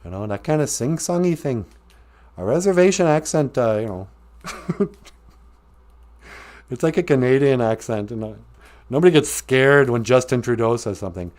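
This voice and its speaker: A man's voice: medium pitch, expressive, moderate pace, long pauses, a little mellow. A man hosting a live stream, talking casually and joking with frequent laughs. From Ojibwe reservation, US. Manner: joking, rambling, laughs often. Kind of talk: comedic live-stream chat.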